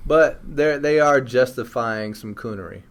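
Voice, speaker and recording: A man's voice: mid-range voice, unhurried. A man co-hosting a casual commentary chat, blunt and opinionated, now and then acting out quotes. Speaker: co-host.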